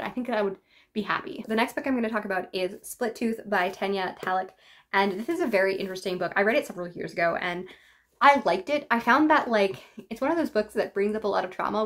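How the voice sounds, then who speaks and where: Woman rambling about her book haul, lots of "like", mid pitch, laughs a bunch. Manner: chatty, filler-heavy, frequent "like", laughing asides. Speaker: book vlogger. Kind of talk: casual book haul chat.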